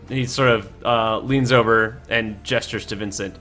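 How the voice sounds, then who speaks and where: A man narrating and running a tabletop game as game master, in a casual, halting way, over faint music. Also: on the low side, steady tone, pushed and bright.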